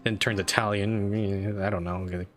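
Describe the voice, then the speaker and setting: Low-voiced rambling male streamer. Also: little pitch movement, a little slow, fairly bright tone. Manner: rambling, self-deprecating, many restarts. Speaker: game streamer. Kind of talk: casual live-stream commentary.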